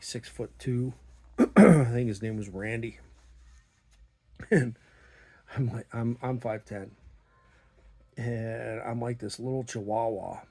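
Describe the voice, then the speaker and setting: A middle-aged man telling a story about his small business in a blunt, profane, animated way, acting out the dialogue. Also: on the low side. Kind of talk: casual storytelling monologue.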